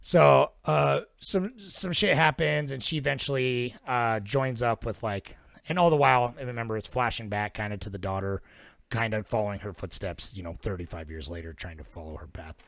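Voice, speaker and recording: A man's voice: medium pitch, normal speed, gravelly, fairly bright tone, dry recording. A man hosting a podcast, retelling a film plot in a rambling, casual way with lots of swearing. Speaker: podcast host. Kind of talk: casual film-recap chat.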